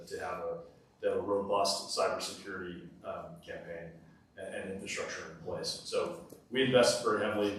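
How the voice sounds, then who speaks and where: A man speaking as a company executive on a panel, earnest and businesslike, in a large hall. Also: low voice. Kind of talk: panel discussion. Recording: echoey hall, mic far off, faint noise.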